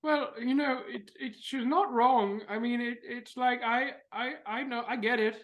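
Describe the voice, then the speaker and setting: A man's voice: extremely high pitch, steady tone, a little slow, fairly bright tone, pitched above the performer's own voice. A man doing a stammering, sheepish adventurer. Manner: stammering, apologetic.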